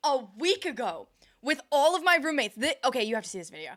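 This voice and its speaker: A woman streamer with a bright, forceful and fairly high voice, chatting loosely as she reacts to clips. At times she bursts into quick, excited talk. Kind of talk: casual reaction stream chat.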